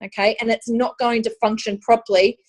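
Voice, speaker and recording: A woman's voice: a little high, little pitch movement, a little fast. A woman hosting an online event, talking chattily to her audience and tagging her points with "okay?" and endearments like "honey". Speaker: host of an online launch event. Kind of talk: casual presentation to an online group.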